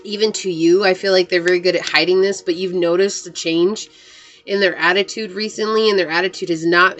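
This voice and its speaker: Woman, lowish voice, chatty tarot reader talking to camera, faint music underneath. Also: fairly even intonation, a little fast, a bit bright. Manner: chatty and earnest, many "like" fillers. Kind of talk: casual tarot reading to camera.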